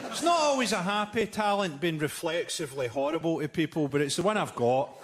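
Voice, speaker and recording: A man doing live stand-up comedy, with a deadpan, dark, sardonic delivery and mocking impressions. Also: fairly high pitch, brisk. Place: theatre stage before a laughing audience. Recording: live theatre recording with loud crowd noise.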